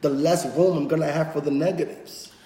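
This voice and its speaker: A man in his thirties, a podcast host, chatting casually and telling animated stories about his friends. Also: a little high, brisk, a little hiss or hum. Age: 30s. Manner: animated storytelling, acts out friends' voices. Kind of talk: casual chat. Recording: echoey room with long reverb.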